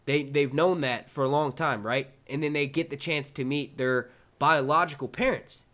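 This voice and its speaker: Excitable New York guy hosting a stream. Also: on the high side, normal speed. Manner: excitable, swears casually, rambling. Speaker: channel host answering chat questions. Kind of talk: casual live-stream Q&A.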